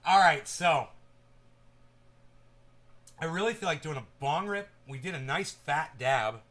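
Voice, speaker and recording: Man, casual rambling vlog host, bright edgy voice, slightly high, loud then mumbled, faint room hiss. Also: lively intonation, a little slow. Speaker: cannabis vlogger. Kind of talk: casual stoned chat to viewers.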